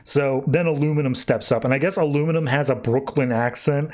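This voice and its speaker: With a mid-range, darkish voice, this man hosts a podcast and casually recaps a comic book issue, rattling along in quick bursts with plenty of fillers.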